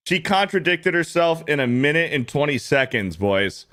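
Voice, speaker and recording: Streamer host, man in his thirties, animated and profane, voice swinging up and down a lot, repeats his points. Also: a little high, normal speed. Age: 30s. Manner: animated, repetitive, profane ranting. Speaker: streamer host reacting to clips. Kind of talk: casual reaction commentary.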